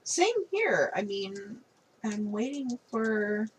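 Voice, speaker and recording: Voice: medium pitch, very animated, slow, a little hiss or hum, low-quality recording. A podcast co-host in casual chat about a movie, mostly short agreements.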